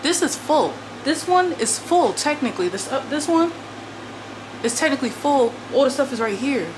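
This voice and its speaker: A woman's voice: sits high, expressive, normal speed, background noise. A woman in her twenties, a vlogger chatting casually and slangily to herself while she sorts through her apartment. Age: 20s. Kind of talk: casual chat while decluttering.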